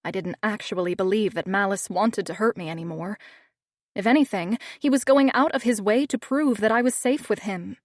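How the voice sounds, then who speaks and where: A woman narrating a first-person audiobook with steady, measured storytelling. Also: medium pitch, no echo, studio quality.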